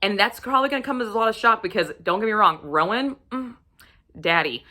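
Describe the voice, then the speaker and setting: A woman vlogger recommending romance books to camera, gushing and swearing freely, sometimes dropping into a breathy whisper. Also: fairly high pitch, rapid-fire, sharp tone. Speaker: book reviewer. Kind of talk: casual book recommendation vlog.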